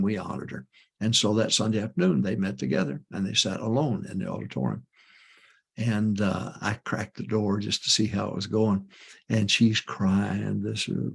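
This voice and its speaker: A man's voice: lowish voice, creaky, breathy edge. An older man, a pastor, giving folksy advice to church couples in an emphatic way, repeating his warnings and telling homespun stories. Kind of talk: folksy ministry advice talk.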